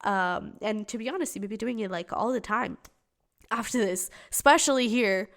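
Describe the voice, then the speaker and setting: A woman's voice: mid-range voice, moderate pace. A woman giving a casual tarot reading to camera, chatty and giggly, with many fillers and restarts. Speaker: tarot reader.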